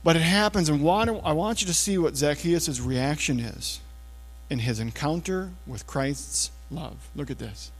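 Male pastor, slightly high voice; casual, chatty sermon delivery that sinks to a near-hush on key points; recorded with long church reverb. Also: a little slow, faint music behind. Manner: casual, talks to listeners with frequent checks like "okay?" and "all right?"; often drops to a low, hushed voice for emphasis. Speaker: preacher. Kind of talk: conversational sermon. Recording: long reverb of a large hall.

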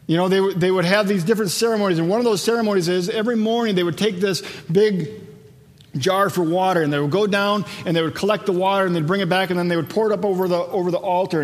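A man preaching a sermon in a conversational way, slowing down when he quotes scripture. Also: high-pitched, in a large hall. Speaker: pastor.

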